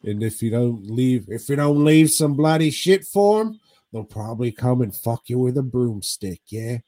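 A man's voice: medium pitch, lively intonation, normal speed, dark tone, dry recording. A man co-hosting a podcast, recapping a horror movie in casual chat, swearing often and rambling. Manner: profane, rambling, drawling recap. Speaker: podcast co-host.

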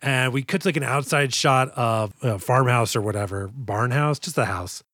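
A man co-hosting a podcast, recapping a movie in casual chat, animated and profane as he acts out scenes. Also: medium pitch, normal speed, no room sound, clean studio sound. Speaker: podcast co-host.

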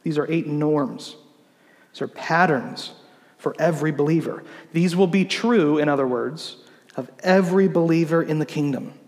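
A man, a pastor, preaching a sermon in an explanatory teaching manner, slowing down to read scripture. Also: a little high, big-room sound.

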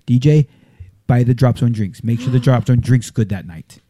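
A man hosts a loose, joking chat, his voice mellow and dark. He plugs things with eager enthusiasm. The sound is dry and close. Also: mid-range voice, moderate pace, dry recording. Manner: jokey, enthusiastic promoter. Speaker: podcast host. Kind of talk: casual chat.

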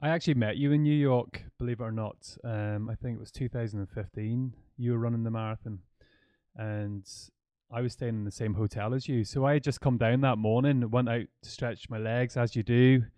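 A man's voice: medium pitch, a little fast, no room sound. Chatty man hosting a podcast. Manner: animated storyteller, laughs often. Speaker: podcast host. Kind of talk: conversational interview.

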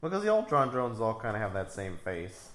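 A man's voice: on the low side, big pitch swings, fairly quick, a bit bright. A man chatting casually and joking while watching a movie with a friend. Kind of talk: casual movie reaction chat. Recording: echoey room.

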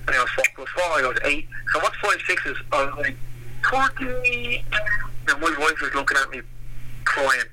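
A middle-aged Irish man, a former boxer, telling stories in a rambling, animated way with lots of fillers. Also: on the high side, fairly quick, background noise. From Ireland. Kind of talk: casual storytelling interview.

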